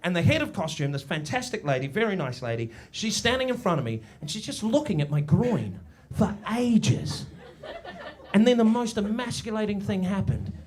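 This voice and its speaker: A man in his forties performing a stand-up comedy set in a village pub, swinging between booming and hushed storytelling. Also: big pitch swings, moderate pace. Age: 40s. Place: village pub before a live audience.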